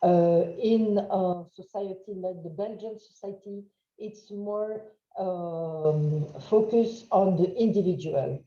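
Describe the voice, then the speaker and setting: A woman with a French accent giving a webinar lecture, halting with many fillers and checking in with "huh?". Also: medium pitch. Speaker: webinar trainer. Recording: roomy, dull lo-fi sound.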